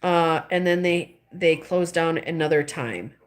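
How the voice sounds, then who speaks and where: A woman's voice: sits low, a little slow. A middle-aged woman chatting casually, telling a rambling story full of restarts and laughing between phrases. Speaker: streamer chatting with viewers. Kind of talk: casual chat.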